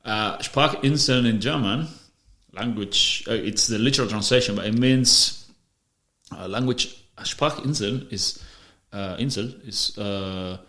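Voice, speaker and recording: A podcast host with a lowish, bright voice speaks at a measured pace with a forceful tone. He explains ideas in casual conversation, often restarting and repeating words, and the recording has a roomy echo.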